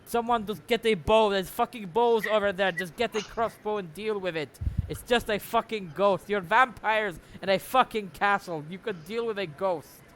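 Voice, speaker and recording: Man voicing an angry vampire captor, cursing, shouting orders, bright voice, tabletop game. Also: fairly high pitch, moderate pace, slight background noise, natural voice. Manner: loud, cursing, barking orders. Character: angry male vampire captor, crude and impatient.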